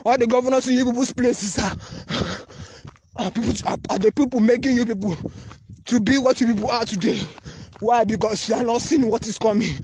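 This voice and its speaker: Very high and fairly quick, with a darkish tone, a man's voice carries an urgent, repetitive plea in a phone voice note over slight background noise. The anonymous caller has a Nigerian English accent.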